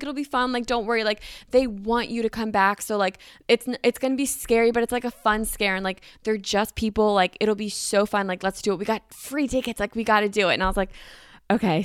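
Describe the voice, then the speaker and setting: A woman in her twenties hosting a podcast, telling a story casually with lots of "like" and animated acted-out quotes. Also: clear, resonant tone, no echo, studio quality. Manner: animated, acts out quotes with pitch jumps, frequent "like". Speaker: podcast host.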